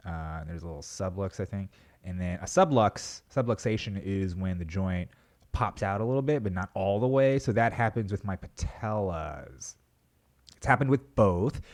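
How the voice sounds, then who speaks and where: A man's voice: low-pitched, a little mellow. A young adult man hosting his own podcast, talking in a rambling, self-mocking way and swearing casually. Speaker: podcast host. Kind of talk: casual solo podcast monologue.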